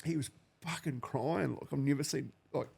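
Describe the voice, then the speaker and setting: Guest, 40s man from New Zealand, gravelly, blunt profane storyteller. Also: medium pitch, moderate pace, a little mellow. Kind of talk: emotional personal account.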